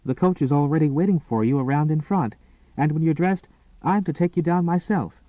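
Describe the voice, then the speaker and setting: A man voicing a gentle young maid with a soft Irish brogue. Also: on the high side, a little fast, no echo, voice pushed up, close to an everyday voice. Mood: reassuring. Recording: tinny, phone-like and dry.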